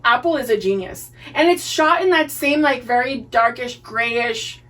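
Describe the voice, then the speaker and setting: A woman's voice: on the high side, measured pace, crowd noise. A woman with a Boston accent co-hosting a podcast, casually recapping a TV series, swearing freely and acting out the characters' lines. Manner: profane, animated, acts out characters' lines. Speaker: podcast co-host. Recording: distant mic, poor audio.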